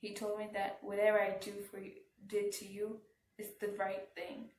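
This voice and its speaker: A woman telling a personal story as a vlogger, speaking in a halting, subdued way with frequent restarts. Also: mid-range voice, completely flat delivery, slight background noise. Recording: roomy, from some distance off the mic.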